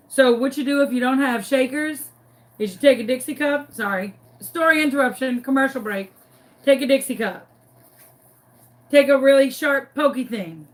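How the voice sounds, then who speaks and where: A woman telling a comic story in a craft tutorial, animated, dramatic and self-mocking. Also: a little high. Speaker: crafting vlogger.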